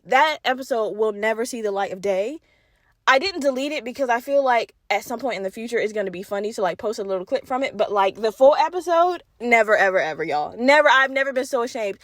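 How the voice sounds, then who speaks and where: A woman's voice: fairly high pitch, fast talker, dry recording, clean studio sound. A young woman hosting her own podcast, chatting casually and animatedly, swearing and laughing, with a slight stutter. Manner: animated, swearing, laughing, talks straight to listeners. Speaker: podcast host. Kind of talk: casual solo podcast chat.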